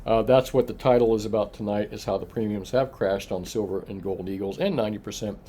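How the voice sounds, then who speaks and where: A man's voice: lowish voice, quick pace, warm tone, husky. Chatty man rambling through a coin report. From Florida. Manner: chatty, rambling, full of filler "uh"s, answers viewer comments. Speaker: coin shop owner hosting a price report. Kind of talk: casual evening livestream chat.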